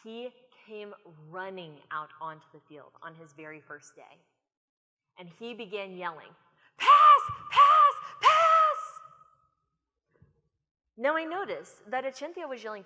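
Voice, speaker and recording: An American woman speaker giving an animated, storytelling conference talk from a stage. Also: medium pitch, brisk. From United States. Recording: long reverb of a conference hall.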